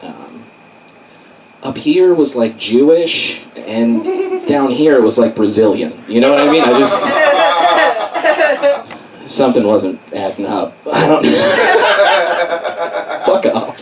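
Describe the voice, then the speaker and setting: A man's voice: medium pitch, very animated, takes it slowly, pauses often, over a noisy crowd. A man from Arkansas doing a crude, profane, rambling stand-up set in a small comedy club with a live audience. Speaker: stand-up comic. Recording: distant mic, loud room noise.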